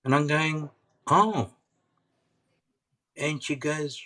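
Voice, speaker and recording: A man's voice: medium pitch, moderate pace, fairly bright tone. A middle-aged man, an interview guest, telling a personal story earnestly and often repeating himself. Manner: earnest, persistent, repeats phrases.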